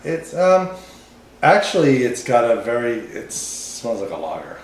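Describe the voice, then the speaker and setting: A man's voice: medium pitch, very animated, a little slow. A man co-hosting a beer show, describing aroma and flavor in casual chat. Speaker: beer podcast co-host. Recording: echoey room with faint noise.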